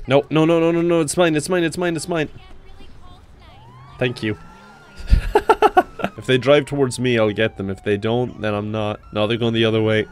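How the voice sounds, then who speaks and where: A young man giving comedic gameplay commentary, swinging from dry asides to sudden high-pitched yelps. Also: clean tone. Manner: excitable, jumps into high yelps. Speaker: gaming YouTuber.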